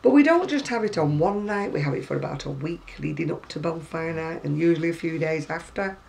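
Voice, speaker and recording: British woman crochet vlogger, gravelly mid-pitched voice, rambling and wry, faint hum behind. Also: darkish tone, rough recording. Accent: British English. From Britain. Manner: chatty, rambling, wry asides. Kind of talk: casual chat showing magazines. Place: at home.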